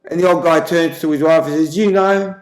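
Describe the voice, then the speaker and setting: Male host, relaxed joke teller, slightly high voice, echoey room. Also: quick pace. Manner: chatty, lightly mimics characters. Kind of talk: casual joke telling.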